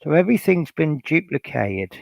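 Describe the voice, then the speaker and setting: A man's voice: on the high side, big pitch swings, moderate pace, creaky, darkish tone, dry recording. A man from Norfolk hosting a casual hobby livestream, rambling and reading out chat messages with lots of fillers. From Norfolk, England. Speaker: livestream host.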